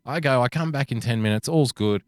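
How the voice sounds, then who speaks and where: A man's voice: medium pitch, a little fast, no echo, studio quality. A man telling a story in casual chat, swearing and acting out the people he quotes.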